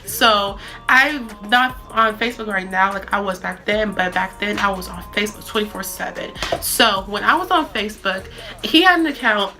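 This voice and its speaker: A woman's voice: mid-range voice, expressive, moderate pace, bright, forceful tone, faint music behind. A young woman from the Boston area telling a story casually, chatty and full of fillers and restarts.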